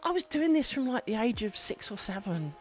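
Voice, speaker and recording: Lively rambling woman storyteller. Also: a little high, fairly quick, faint music behind. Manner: rambling anecdotal storytelling with frequent ums. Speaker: crafting livestreamer. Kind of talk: casual chat while crafting. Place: home craft stream setup.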